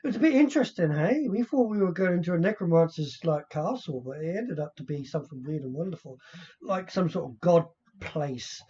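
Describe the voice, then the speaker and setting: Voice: medium pitch, expressive, a little fast, warm tone, slight background noise. A player wrapping up a tabletop game session in rambling casual talk. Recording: muffled lo-fi stream audio.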